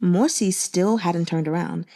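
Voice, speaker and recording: Mellow-voiced woman narrating an audiobook. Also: fairly low pitch. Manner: emotive, measured storytelling.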